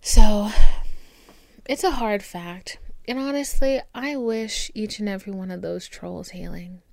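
A woman hosting her own podcast alone at home, talking candidly and swearing freely, with warm pep-talk asides to her listeners. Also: mid-range voice, a little slow, creaky, no echo. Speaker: podcast host. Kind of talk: casual solo podcast monologue. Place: indoors at home with her dog. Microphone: camera recording.

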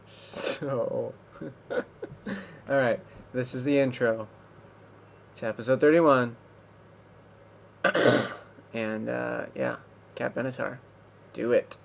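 A man's voice: mid-range voice, fairly even intonation, slow, gravelly, long pauses, slight background noise. A man hosting a podcast, introducing the episode in a loose, rambling way full of ums and uhs. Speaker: podcast host.

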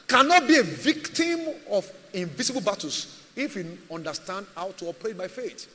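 A man's voice: high voice, big pitch swings, normal speed, hardly any pauses, bright, forceful tone, in a large hall. A man preaching a sermon as a pastor, emphatic and repetitive, firing rhetorical questions at his church.

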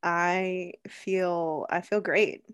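A woman's voice: fairly low pitch, steady tone, drawn-out words, clear, resonant tone, dry recording, studio quality. Giggly woman podcast co-host. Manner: giggly, rambling, with frequent fillers. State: groggy. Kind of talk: casual podcast chat.

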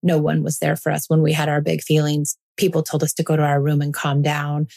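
Speaking fairly quickly in a slightly low, creaky voice, a woman in her forties hosts a podcast. Her calm monologue is earnest and reassuring, and she hammers points home through emphatic repetition.

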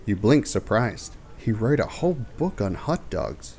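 Deadpan male storyteller, faint music. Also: fairly low pitch, unhurried, gravelly, few pauses. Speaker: narrator. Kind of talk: second-person comedic story narration.

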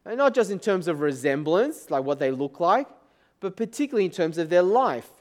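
High-voiced pastor preaching. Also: male voice, sing-song, brisk. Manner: conversational preaching with frequent rhetorical questions. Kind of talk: sermon. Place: church service.

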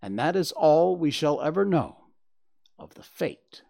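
This man narrates a classic detective audiobook in a mellow, creaky, sing-song voice that stays measured and sombre. He drops low at the ends of phrases.

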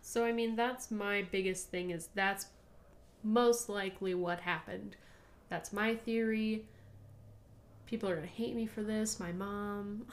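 A woman's voice: mid-range voice, steady tone, a little slow. A woman co-hosting a true-crime podcast, casually sharing her theory and chiming in with short agreeing replies. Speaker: podcast co-host.

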